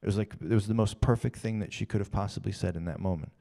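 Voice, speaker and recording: A man's voice: fairly low pitch, fast talker, vocal fry, warm tone. A man in his thirties telling a personal story in a rambling, emotional way, often repeating himself.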